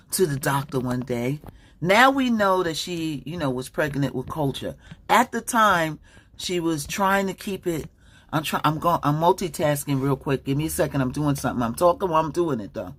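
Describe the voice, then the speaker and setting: A woman commenting casually on a livestream, rambling and distracted, with many fillers and restarts. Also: low-pitched.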